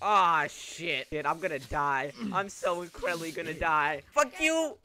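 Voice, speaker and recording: A young man playing a multiplayer game, excitable, yelling, swearing and laughing as he plays. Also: on the high side, normal speed, crowd noise. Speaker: gamer streamer. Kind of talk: loud gaming commentary.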